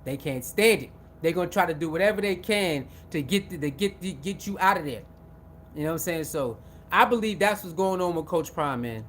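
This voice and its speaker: Male commentator, high voice, loose animated monologue with faint background rumble. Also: a little fast. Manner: repetitive, animated, acts out quoted voices. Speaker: sports commentator.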